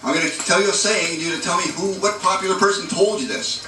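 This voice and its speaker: A man voicing a stern female grade-school teacher in a joke, with brisk, bossy commands, recorded in an echoey room from a distance. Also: sits high, music in the background, close to an everyday voice.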